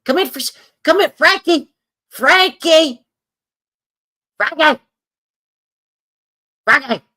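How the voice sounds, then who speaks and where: A man's voice: very high voice, slow, voice pushed up, full character voice. A man doing a mother hollering for her kid. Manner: calling loudly from afar.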